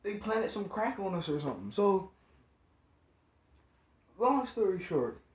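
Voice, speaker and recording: A man with a slightly high voice tells a story in loose slang, circling back and repeating himself as he goes. The recording sounds echoey and a bit dull and lo-fi, like a bare room. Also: very animated, measured pace. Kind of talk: casual storytime vlog.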